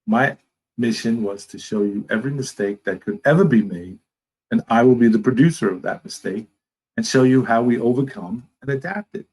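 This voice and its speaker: A man from Brooklyn with a New York accent, a guest in a casual interview who rambles warmly and animatedly. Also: medium pitch, moderate pace, slightly rough, low-quality recording. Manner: rambling, animated, talks with his hands.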